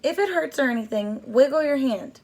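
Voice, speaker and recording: A woman's voice: sits high, animated, a little fast, darkish tone, pitched above the performer's own voice. Woman doing an eager little boy, storybook. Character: kind young boy, the little brother.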